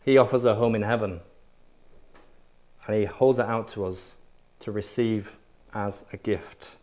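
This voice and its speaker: Emphatic preacher. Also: male voice, on the low side, fairly even intonation, measured pace, a little mellow. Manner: emphatic, punchy repetition. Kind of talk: sermon.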